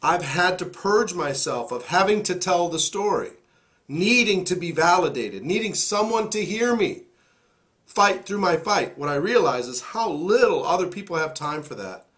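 Hoarse man giving a motivational talk. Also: sits high, animated, moderate pace, fairly bright tone. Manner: emphatic, preachy. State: hoarse, recovering voice. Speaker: host.

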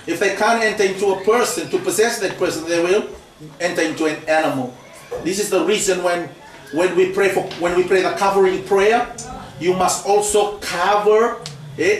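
At a mission training in a church hall, a pastor preaches a sermon, sprinkling in "praise the Lord" and "eh?". His voice sits high, with a little hiss or hum. The mic is far off, leaving the hall echoey.

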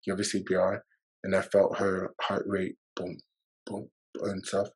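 A man's voice: low-pitched, monotone, a little slow, darkish tone, husky, poor audio. A man guest on a podcast, telling a personal story in a loose, rambling way, with fillers and swearing, emotional and at times near tears.

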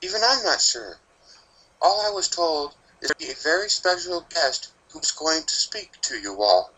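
Guy putting on a jittery polite teacher lady, way higher than his normal, bright tone. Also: big pitch swings, moderate pace, breathy edge, exaggerated voice, low-quality recording. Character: nervous polite female schoolteacher pony.

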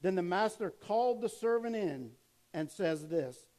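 In poor-quality audio, a pastor with a high, expressive voice delivers a sermon at a measured pace. He reads out scripture, adds remarks between verses, and asks the congregation questions before answering them. His tone softens and drops low during a family story.

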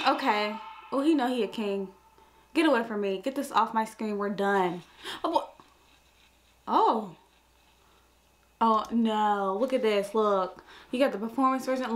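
Faint music runs underneath as a young woman reacts on camera, her high, expressive voice moving at normal speed with frequent pauses. The commentary is casual, and she's flustered, full of exclamations, and frequently addressing herself.

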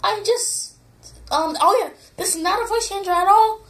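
A woman putting on a ridiculous, squeaky high version of her own voice, rambling goofily. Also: moderate pace, a bit bright. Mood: goofy. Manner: rambling, goofy. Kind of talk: comedic voice impression.

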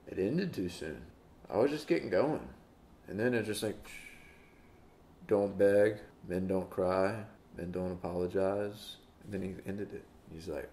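A man talks casually through a music reaction, teasing and quoting the singer in put-on voices. His voice has a gravelly fry to it. The recording sounds roomy and echoey. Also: sits low, measured pace, mellow. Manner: playful, mock-quotes the singer in put-on voices. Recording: roomy echo.

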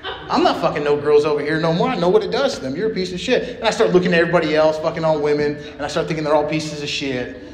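A man's voice: a little high, fast, slight background noise. Blunt, profane man in an echoey room. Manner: blunt, profane, street slang. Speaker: speaker at a recovery meeting. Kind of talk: personal recovery share. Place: meeting room.

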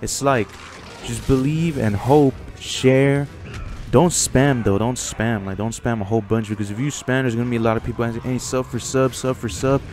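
A man's voice: mid-range voice, normal speed, darkish tone, soft background music. Profane young man ranting. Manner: profane, blunt, heated. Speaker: YouTuber. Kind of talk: casual rant to camera.

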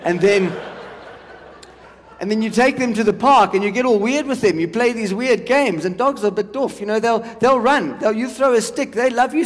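A man's voice: very high-pitched, fairly quick. A South African man in his forties doing a stand-up comedy set, chatty and teasing the crowd. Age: 40s. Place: large hall on stage. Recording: long hall reverb.

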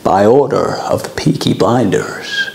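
A man impersonating a grandiose, wordy celebrity who lectures in a fast, rambling way. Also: on the low side, lively intonation, vocal fry, echoey room. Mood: lecturing.

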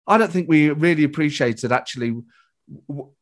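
Pitched on the high side and moving at a moderate pace, this British guest comedian tells an anecdote in a relaxed chat. He's a lively storyteller who acts out what people said and swears freely.

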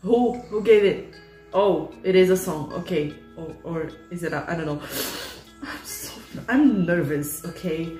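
A young woman hosting her own reaction channel, gushing excitedly and swearing freely as she reacts emotionally. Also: fairly low pitch, measured pace. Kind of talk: casual reaction commentary. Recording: echoey room, faint music behind.

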